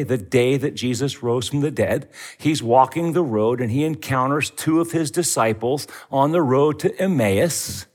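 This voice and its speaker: A middle-aged man preaching a sermon as pastor, telling the story with animation and acting out the voices in it. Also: mid-range voice.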